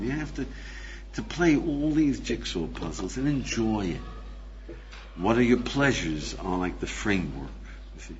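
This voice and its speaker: An older man, a rabbi, giving a lively lecture, acting out little scenes and asking his listeners questions. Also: mid-range voice, dull audio, a little hiss or hum. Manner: animated, acts out little scenes with voices, laughs, asks the audience. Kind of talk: recorded lecture.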